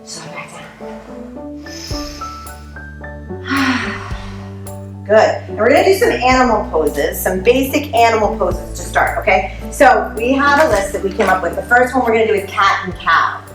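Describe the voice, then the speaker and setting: A woman's voice: mid-range voice, animated, a little fast, few pauses, a bit bright, roomy sound, soft background music. A woman teaching a family yoga class, upbeat and playful, making animal sounds as she guides poses.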